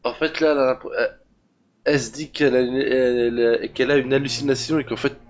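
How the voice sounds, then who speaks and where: A man's voice: medium pitch, fairly even intonation, quick pace, muffled recording. A man, casually commenting on a game he is playing and thinking aloud as he reacts. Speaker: streamer.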